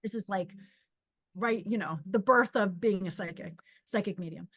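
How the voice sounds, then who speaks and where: A woman's voice: mid-range voice, normal speed, fairly bright tone. A middle-aged woman who hosts a podcast as a psychic medium, telling a personal story in a casual, rambling way. She restarts sentences often and acts out her own inner voice.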